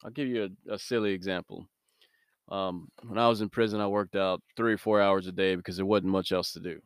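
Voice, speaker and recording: A man delivers a short devotional sermon on his own podcast. His voice sits low and resonant, and he talks earnestly, like he is chatting with a friend. The sound is close and dry. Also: fairly even intonation, a little fast, clean tone, dry recording. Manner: earnest, conversational preaching with prayer. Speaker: podcast host.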